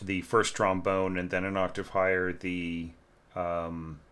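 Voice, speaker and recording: A man teaching orchestration, talking through a student's score in a relaxed, conversational way, often asking "right?" and singing phrases on syllables. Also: low voice, takes it slowly, smooth. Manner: conversational, keeps checking with "right?", sings phrases as "da, da" and "bum, bum". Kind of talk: informal music lesson.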